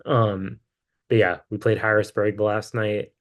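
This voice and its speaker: A man's voice: fairly low pitch, level tone, a little slow. A man appearing as a podcast guest who tells a road story in a casual, rambling way, full of fillers. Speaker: musician guest.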